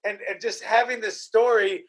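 A podcast host in casual chat, emotional and profane, often repeating himself. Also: male voice, sits high, fairly even intonation, normal speed, fairly bright tone.

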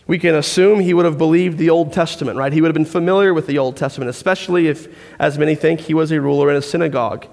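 Male pastor, fairly high voice, lively conversational sermon, reverberant church hall. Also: fast talker, gravelly. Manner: conversational, animated storytelling.

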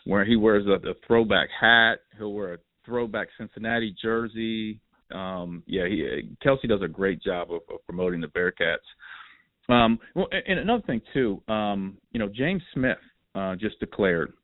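A man hosting a podcast, telling stories in a lively, animated, casual way. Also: on the low side, moderate pace, dry recording. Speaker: podcast host. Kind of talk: casual storytelling chat. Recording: tinny phone line, dry.

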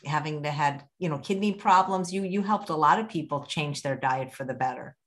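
A woman's voice: sits low, a little fast, a bit bright. A woman hosting a live online show, interviewing a guest, joking with her and reading out viewer comments. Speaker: podcast host.

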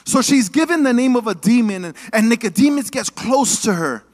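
A man preaching a sermon in a church, animated and casual, with joking asides and call-and-response with the congregation. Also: very high voice, a little fast.

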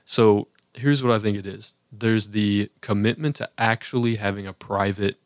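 Guy rambling earnestly about faith, lowish voice, dry close sound. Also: steady tone, normal speed, dry recording. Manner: earnest, rambling with many fillers and restarts. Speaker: podcast co-host. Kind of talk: casual faith discussion.

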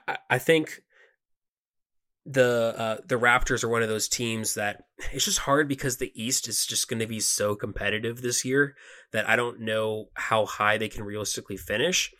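A man's voice: on the low side, smooth. A man co-hosting a sports podcast, talking casually with lots of fillers and restarts. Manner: relaxed, conversational, frequent fillers and restarts. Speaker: podcast co-host.

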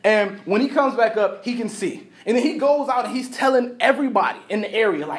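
Male pastor with a high voice, preaching casually and acting out the story. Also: animated, fairly quick, few pauses. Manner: casual storytelling, acts out characters, laughs often. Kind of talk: sermon. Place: church.

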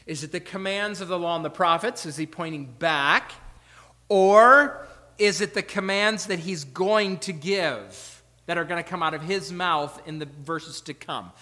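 A male pastor delivers a sermon in a high, bright voice. He presses his points with repeated rhetorical questions, then drops to quiet asides. The sound rings with the long reverb of a church sanctuary. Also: unhurried. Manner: earnest, rhetorical questions, swings between loud emphasis and quiet asides.

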